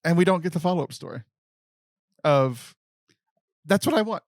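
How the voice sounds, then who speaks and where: A young man hosting a podcast in casual chat, animated and laughing often, breaking into high comic voices. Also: moderate pace, no echo, clean studio sound. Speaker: podcast host.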